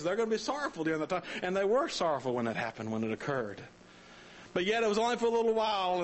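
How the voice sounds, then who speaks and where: Southern preacher, middle-aged man, fairly high voice, folksy storytelling sermon with stumbles. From North Carolina. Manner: folksy storytelling with frequent restarts. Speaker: pastor.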